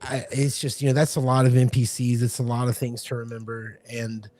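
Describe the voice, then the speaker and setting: A man's voice: mid-range voice, level tone, fairly quick, mellow. A man co-hosting a casual podcast as game master, rambling with many restarts. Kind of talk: casual chat.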